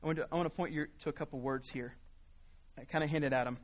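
A man's voice: a little high, steady tone, fast. A man preaching a sermon, explaining scripture earnestly and building emphasis by repeating key words.

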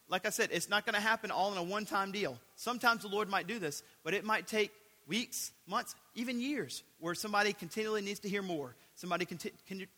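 A man's voice: sits high, sharp tone. A man preaching a sermon as a pastor, earnest, and repeating key phrases for emphasis. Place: church sanctuary. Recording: echoey hall.

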